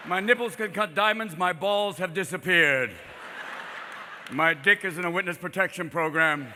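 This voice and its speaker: A man in his fifties doing a stand-up comedy set in a live venue, manic and profane, jumping into quick impressions. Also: sits high, pushed and bright, in a large hall. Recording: live crowd noise behind.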